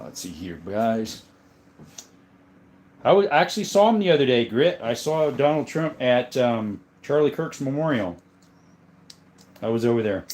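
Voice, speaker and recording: A man in his thirties from southern Arizona, chatting casually on a livestream, greeting viewers by name and showing his collection. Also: mid-range voice. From southern Arizona, USA. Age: 30s. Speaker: livestream host and gun collector. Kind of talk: casual livestream chat reading comments.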